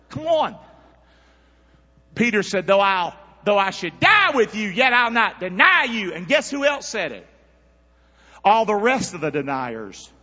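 A man preaching a sermon, calling on the congregation to answer back and swinging between loud and hushed. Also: sits high, breathy edge. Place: church. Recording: dull sound with long church reverb.

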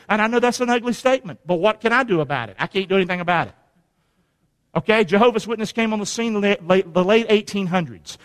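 A male pastor delivers an emphatic sermon, pausing to have the congregation repeat lines back to him. His voice sits high for a man. It rings out with the long reverb of a church sanctuary. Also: a bit bright.

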